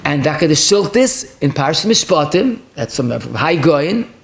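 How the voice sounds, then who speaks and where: A man's voice: on the high side, sing-song, a little slow, creaky, a little hiss or hum. A man, a rabbi, giving an emphatic Talmudic lecture, firing off rhetorical questions and dense Hebrew and Aramaic legal terms. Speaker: rabbi teaching a Torah class. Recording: roomy echo.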